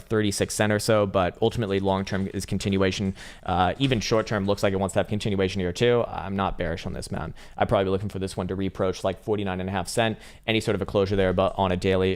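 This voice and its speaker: A young man hosting a casual crypto trading livestream, rambling and swearing, laughing often and breaking into mock outbursts at his chat. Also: low-pitched. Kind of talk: casual live-stream chart commentary.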